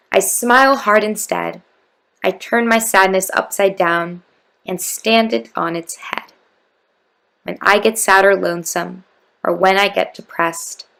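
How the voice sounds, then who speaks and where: A woman reading aloud, voicing a cheerful, caring male court jester in a storybook who speaks gently and coaxingly. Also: medium pitch, gravelly.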